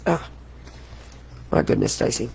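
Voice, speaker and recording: A woman's voice: a little slow, a little mellow. A middle-aged woman hosting a live craft tutorial, chatty and exclamatory, often laughing at herself. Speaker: crafting host.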